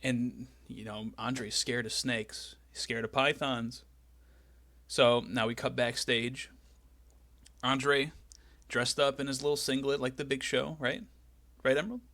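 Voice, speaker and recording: Excitable guy recapping on a podcast mic, bright sharp voice, dry close sound. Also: mid-range voice, takes it slowly, no echo. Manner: excitable storyteller. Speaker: podcast host. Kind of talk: casual recap chat.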